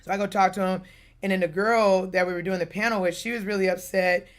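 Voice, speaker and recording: A young woman streaming live, telling a long rambling story in casual chat, full of fillers and lively asides. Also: medium pitch, fast talker.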